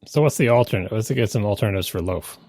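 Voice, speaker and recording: A man co-hosting a podcast, teasing and pedantic in a deadpan way. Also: lowish voice, quick pace, no room sound, clean studio sound. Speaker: podcast co-host. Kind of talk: casual chat.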